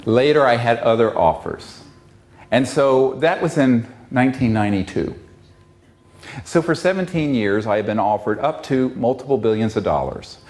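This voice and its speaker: A man's voice: mid-range voice, a little mellow. A man giving an impassioned public talk, fiery and emphatic. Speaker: public speaker.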